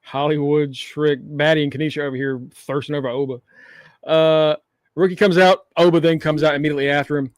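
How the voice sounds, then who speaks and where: A man co-hosting a casual wrestling recap, relaxed and quick to laugh. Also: on the high side, dry recording, clean studio sound. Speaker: podcast co-host.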